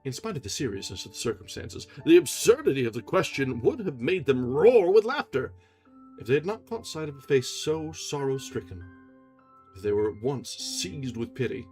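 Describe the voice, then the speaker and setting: A man reading a classic novel aloud on a livestream, steady narration with casual asides. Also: mid-range voice, moderate pace, soft background music. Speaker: audiobook reader on a livestream.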